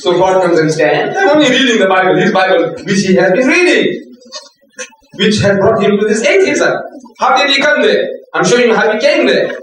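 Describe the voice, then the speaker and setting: An older man gives an animated lecture, his voice sitting high for a man. He is heard from a distance in a very echoey hall, shifting into put-on voices as he tells his stories. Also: a little fast. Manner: animated storytelling with laughter and put-on quotes. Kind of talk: religious lecture to students.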